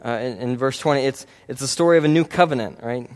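A man's voice: medium pitch, fast talker, a little mellow. Guy giving a sermon, chatty and earnest, keeps saying right. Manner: earnest, conversational, frequent "right?" tags and restarts. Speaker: preacher.

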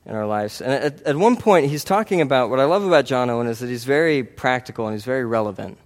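A man's voice: medium pitch, animated, quick pace. A man preaching a sermon in an earnest, conversational way, often checking in with the congregation. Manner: earnest, conversational, frequent "right?" tags and restarts.

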